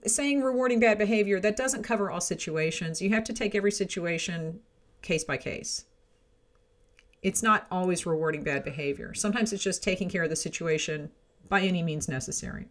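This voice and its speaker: A middle-aged woman hosting a home business podcast, giving frank, chatty advice with frequent "right?" and "okay?" asides. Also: fairly low pitch. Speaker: podcast host. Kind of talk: casual advice talk.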